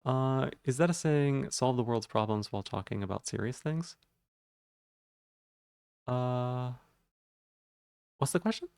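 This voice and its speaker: A man's voice: mid-range voice, measured pace, creaky, long pauses, darkish tone, clean tone, no echo, clean studio sound. A man livestreaming, casually reading out viewers' messages and answering them in a rambling way.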